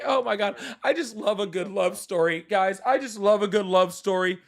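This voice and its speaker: A man's voice: high-pitched, moderate pace. A man hosting a live political call-in stream, talking in a sarcastic, teasing way.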